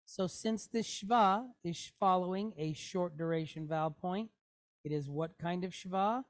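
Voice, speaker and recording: Speaking at a measured pace in a fairly low voice, a woman teaches Hebrew reading to a class, and the recording is dry. Her approach is patient and stepwise, and she keeps checking in with "okay? right?"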